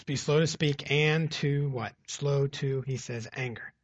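A man's voice: medium pitch, fairly even intonation, measured pace, no room sound, dull audio. A man preaching a conversational sermon, asking the congregation rhetorical questions as he reads and explains scripture. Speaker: pastor. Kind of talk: expository sermon.

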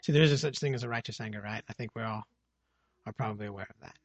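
Male pastor, husky gravelly voice, conversational sermon full of rhetorical questions, dry close sound. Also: on the low side, rapid-fire, dry recording. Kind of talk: expository sermon.

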